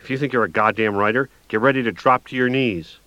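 A man voicing an unhinged, drunk and high jailbird who snarls and screeches in manic outbursts, in a dry, dull audiobook recording. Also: fast, bright, forceful tone, no room sound, close to an everyday voice. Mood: manic screeching. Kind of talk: audiobook narration.

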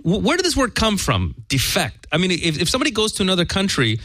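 A man's voice: sits high, wildly swooping pitch, fast, bright, forceful tone, no echo, clean studio sound. A man in a casual commentary chat, asking incredulous joking questions.

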